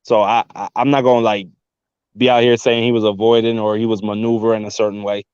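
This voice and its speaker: A man's voice: on the low side, little pitch movement, fast, darkish tone, smooth, dry recording. Blunt, profane man from Saint Croix. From US Virgin Islands (Saint Croix). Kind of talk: casual chat. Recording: dull lo-fi audio.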